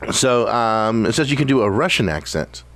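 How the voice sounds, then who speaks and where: Animated, joking male podcast host. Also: medium pitch, normal speed, no echo. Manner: jokey, animated interviewer. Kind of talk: casual chat.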